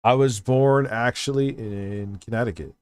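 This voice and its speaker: A man's voice: medium pitch, measured pace, darkish tone, clear, resonant tone. A man with a New York accent hosting a live stream, giving blunt, joking, profane commentary on videos. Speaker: streamer host reacting to videos.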